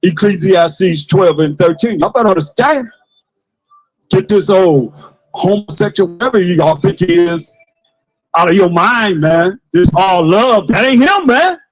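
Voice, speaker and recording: A man street preaching to passers-by, with forceful call-and-response, repeated phrases and bursts of shouting. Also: high-pitched, unhurried, low-quality recording. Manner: forceful call-and-response, commands a reader to read.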